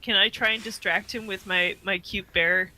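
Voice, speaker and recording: A man's voice: high voice, steady tone, normal speed, over a noisy crowd, low-quality recording. A man playing a tabletop game who asks the game master eager questions. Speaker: player.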